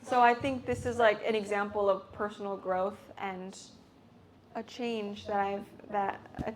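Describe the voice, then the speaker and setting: A woman's voice: mid-range voice, steady tone, measured pace, slight background noise. A teenage girl from the United States, an exchange student, telling her story in a casual chat, full of fillers and acting out her own reactions. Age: teens. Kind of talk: casual talk at a hosted chat.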